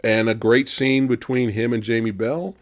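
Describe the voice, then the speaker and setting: A man's voice: medium pitch, steady tone, normal speed, no echo, studio quality. A man hosting a movie review show, chatting casually and retelling scenes with laughter and swearing. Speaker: movie review podcast host. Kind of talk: casual spoiler review chat.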